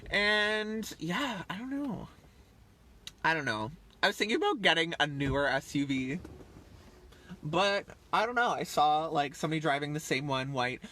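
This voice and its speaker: A man's voice: a little high, animated, normal speed, pushed and bright. A man in his thirties rambling casually on a livestream, chatty and full of fillers, often trailing off. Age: 30s. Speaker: livestream host.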